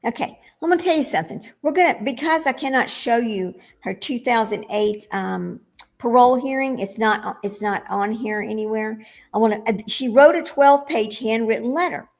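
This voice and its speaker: A woman's voice: on the high side, moderate pace. Indignant woman hosting a true-crime reaction. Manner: animated, indignant, blunt. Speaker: host. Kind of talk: reacting to clips, casual commentary.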